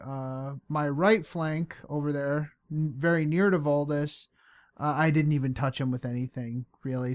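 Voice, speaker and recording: A man hosting a podcast, recapping a tabletop game in a relaxed, halting way. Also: a little high. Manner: relaxed, halting, many fillers. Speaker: podcast host and player.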